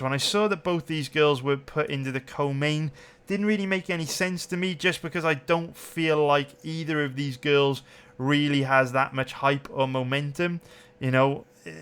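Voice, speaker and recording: A man's voice: on the high side, a bit bright, clean tone. A young man hosting a betting channel, giving a brash, profane and emphatic casual breakdown while calling his viewers boys.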